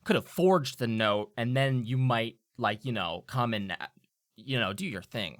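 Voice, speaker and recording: A man voicing a jittery, sweaty young man who rambles in loud, anxious bursts. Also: mid-range voice, expressive, moderate pace, no room sound, studio quality, lightly acted. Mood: nervous.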